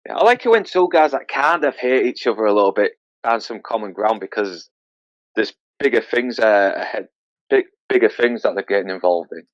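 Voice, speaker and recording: A man's voice: fairly low pitch, animated, brisk, dry recording. A man from Hull with a Yorkshire accent chatting easily about a TV show, thinking aloud with small hesitations. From Hull, England. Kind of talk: casual chat. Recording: dull lo-fi audio.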